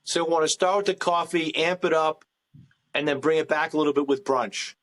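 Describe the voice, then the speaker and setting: A male comedian co-hosts a casual podcast, pitching ideas and suggestions for a stand-up bit. He speaks a little high and acts out short scenes as he goes. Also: fairly even intonation, a little fast, a bit bright. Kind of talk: casual comedy brainstorm chat.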